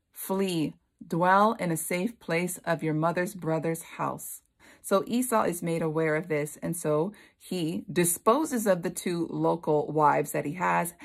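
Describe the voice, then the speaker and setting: A woman's voice: fairly low pitch, vocal fry. A woman leading a Bible study, retelling the story expressively and acting out its characters.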